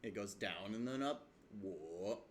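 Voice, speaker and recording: Over a little hiss or hum, a man with a medium-pitched voice explains his self-taught language study routine at a moderate pace. The screen-share tutorial, filmed with a webcam setup, is relaxed and somewhat rambling; he says uh a lot and demonstrates tones aloud.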